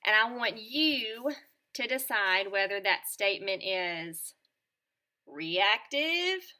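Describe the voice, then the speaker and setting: A woman teacher presenting a scripted lesson to children in a clear, upbeat and encouraging tone. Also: mid-range voice, expressive, slow, sharp tone. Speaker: teacher presenting a school morning show lesson.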